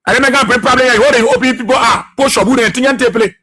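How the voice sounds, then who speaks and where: Radio talk host, Liberian man, husky edge, fervent and preachy monologue. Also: very high-pitched, fairly even intonation, racing, pushed and bright. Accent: Liberian English. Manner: impassioned, repetitive, preachy. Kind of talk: political commentary monologue.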